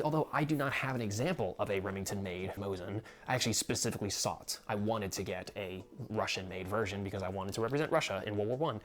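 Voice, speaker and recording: A young American man hosting a casual video about his collection, rambling with frequent laughs and free swearing. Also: mid-range voice. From United States. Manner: rambling, swears freely when annoyed, laughs often. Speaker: gun collector video host. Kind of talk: casual chat.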